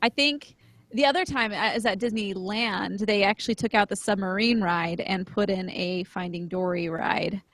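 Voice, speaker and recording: A woman's voice: mid-range voice, moderate pace, fairly bright tone. Woman co-hosting a podcast, chatty and giggly, dry sound, no room echo. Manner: friendly, laughs often, talks in loose run-on sentences. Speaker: podcast co-host. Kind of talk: casual podcast chat.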